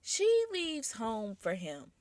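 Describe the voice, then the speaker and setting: Woman chatting to her viewers, slow and easygoing, dry close sound, lots of rhetorical questions. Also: a little high, no room sound. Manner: animated, addresses audience directly; rhetorical questions, incredulous asides. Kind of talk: casual reaction commentary.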